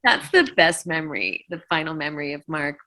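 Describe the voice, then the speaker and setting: Middle-aged woman guest, low and bright-toned, halting emotional storytelling. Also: big pitch swings, creaky. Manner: emotional, halting retelling with many fillers. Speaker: interview guest, former band vocalist. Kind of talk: casual interview storytelling.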